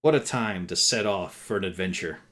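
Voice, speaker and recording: A man's voice: low voice, moderate pace, a bit bright. A man narrating a tabletop game as game master on a live stream, in a dry, wry style with casual profanity.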